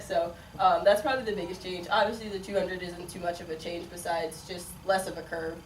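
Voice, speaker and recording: A woman with a voice on the low side talks fairly quickly and evenly, barely pausing. She's a Midwestern college sprinter in her 20s, from Chicago and partly raised in Las Vegas, chatty in her interview answers with many likes, ums, and laughs. The room echoes, the mic is distant, and there's faint noise.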